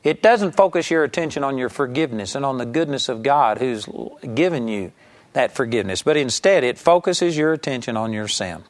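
A man's voice: mid-range voice, expressive, brisk. A man preaching an earnest sermon, teaching from scripture and telling a story to make his point. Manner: earnest, emphatic Bible teaching with anecdotes.

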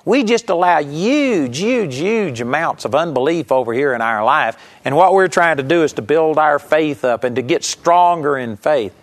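A male preacher delivering a sermon in a slightly higher-than-usual voice. He tells stories with strong emphasis, surging loud at key moments and falling to a near hush for his main points. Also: animated, moderate pace, hardly any pauses. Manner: storytelling, emphatic, swings from loud to hushed.

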